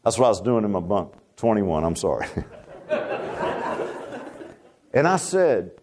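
A middle-aged man, preaching a sermon in a folksy storytelling way that swings between loud bursts and hushed asides. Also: lowish voice, very animated, unhurried, pauses often, slight background noise. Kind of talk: sermon testimony.

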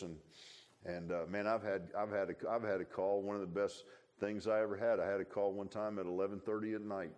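A middle-aged man preaches in a relaxed, folksy way, talking straight to his congregation with plenty of asides. His voice sits on the low side. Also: fairly quick. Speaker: pastor. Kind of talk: sermon.

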